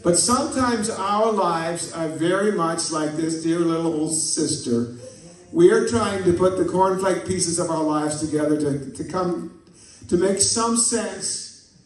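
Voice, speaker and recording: Folksy male preacher in an echoey church. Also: high voice. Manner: folksy, tells jokes and stories, asks the congregation for amens. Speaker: pastor. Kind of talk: sermon. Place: church sanctuary. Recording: echoey church from a distant mic.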